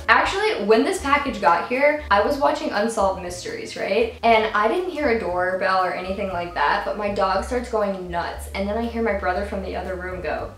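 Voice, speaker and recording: A woman's voice: medium pitch, normal speed, few pauses, soft background music. Gushing young woman unboxing, echoey room. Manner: gushing, excitable, squeals and laughs. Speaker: vlogger. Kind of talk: casual unboxing vlog.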